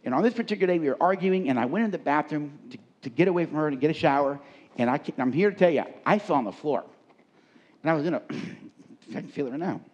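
Emphatic preacher, lively pitch swings. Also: male voice. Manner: emphatic, repeats key words for stress. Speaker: pastor. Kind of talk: sermon. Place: on a stage before a congregation.

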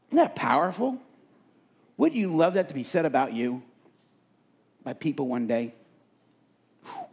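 With the highs cut off from the recording, a middle-aged man's mellow, medium-pitched voice comes through as he addresses a live leadership seminar. He tells stories and asks the audience questions conversationally.

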